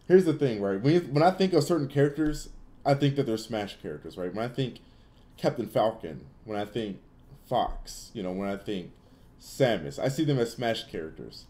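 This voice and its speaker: A man's voice: mid-range voice, expressive, normal speed, warm tone. A young man hosting a casual gaming Q&A livestream, giving blunt opinions in loose, filler-heavy talk. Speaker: livestream host answering chat.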